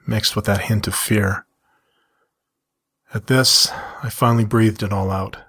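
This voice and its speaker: With a lowish, slightly rough voice, a middle-aged man delivers his own first-person narrative at a measured, steady pace. He then shifts to speaking plainly to listeners.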